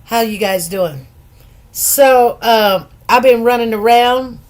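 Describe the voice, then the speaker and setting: A woman's voice: fairly high pitch, slow. A middle-aged woman hosting a casual live stream, chatting loosely, greeting viewers by name and repeating words for emphasis. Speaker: livestream host.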